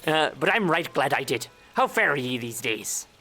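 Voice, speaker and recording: A woman's voice: a bass voice, sing-song, moderate pace, over music, full character voice. A woman putting on a mock British pirate accent to voice a boisterous old male pirate while reading game dialogue aloud. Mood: hearty.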